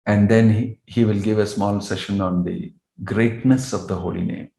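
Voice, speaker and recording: A man's voice: fairly low pitch, fairly even intonation, normal speed, creaky, mellow. Earnest male monk lecturing with echo. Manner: earnest, rhetorical questions, storytelling. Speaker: monk and spiritual teacher. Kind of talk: devotional lecture. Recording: roomy echo.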